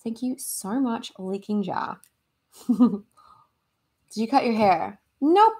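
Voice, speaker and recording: A woman's voice: medium pitch, takes it slowly, warm tone, slightly rough. A young American woman chatting casually on a livestream at home, reading out viewer comments and giggling between replies. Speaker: livestream host. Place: her home in Los Angeles.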